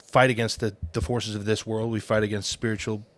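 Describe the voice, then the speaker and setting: A man co-hosting a casual podcast, telling a story in a relaxed, halting way. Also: on the low side, dry recording. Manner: telling a story with fillers and restarts. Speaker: podcast co-host.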